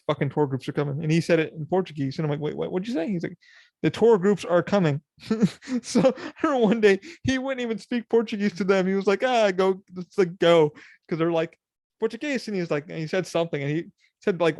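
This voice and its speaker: A young man hosting a podcast in casual solo chat, rambling and profane, laughing and quoting people in animated voices. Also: a little high, dry recording. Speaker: podcast host.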